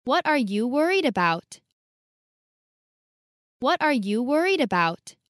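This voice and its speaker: A woman reading short English sentences slowly and clearly, saying each one twice for learners to repeat. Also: high-pitched, sing-song, a bit bright, no echo, studio quality. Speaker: English lesson reader.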